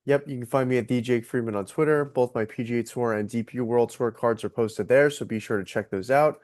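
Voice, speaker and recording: A man co-hosting a golf betting podcast, talking casually and relaxed with fillers. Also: mid-range voice, brisk, no room sound, clean studio sound. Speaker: podcast co-host.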